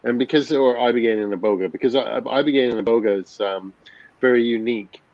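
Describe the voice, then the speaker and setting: A man's voice: medium pitch, quick pace, a little mellow, dry recording. A man in his fifties talks candidly as a podcast guest. His voice sits in a middling register, and he restarts phrases and swears casually as he goes. The recording is dry and a little muffled, with a lo-fi edge. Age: 50s. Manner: blunt, swears freely, many restarts. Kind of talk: candid conversational storytelling.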